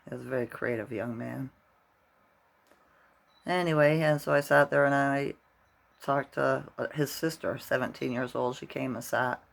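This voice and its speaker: Middle-aged man, gravelly voice, rambling casual vlog, keeps asking "right?". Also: mid-range voice, steady tone, moderate pace, pauses often, fairly bright tone. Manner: rambling storyteller, constantly tags "right?". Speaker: vlogger.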